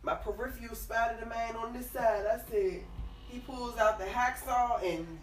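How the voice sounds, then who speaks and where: Twenties woman, chatty storyteller, profane and laughing, a little high-pitched, faint room noise. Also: moderate pace. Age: 20s. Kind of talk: casual storytelling.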